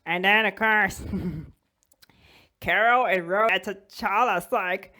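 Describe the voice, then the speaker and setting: A woman hosting a toy channel, telling a fan story in a casual, animated way with frequent giggles. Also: medium pitch, slow, long pauses.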